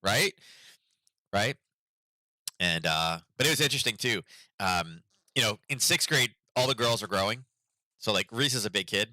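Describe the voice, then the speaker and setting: Middle-aged male host, casual rambling chat, deep and piercingly bright, dry close sound. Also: animated, moderate pace, pauses often, no room sound. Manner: rambling, chatty storytelling with many fillers. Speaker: market analysis host.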